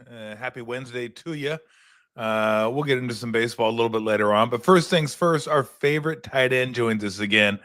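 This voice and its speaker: A man's voice: medium pitch, a little fast, a bit bright, no echo, clean studio sound. A man hosting a talk show, asking long, rambling, enthusiastic questions in a casual way. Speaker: host. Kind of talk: casual interview chat.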